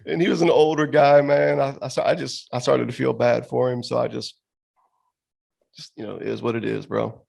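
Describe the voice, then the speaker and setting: A man's voice: medium pitch, steady tone, moderate pace, vocal fry, a little mellow. A man co-hosting a podcast, telling a story in casual chat, laughing often and saying bro and dude. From Florida. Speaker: podcast co-host.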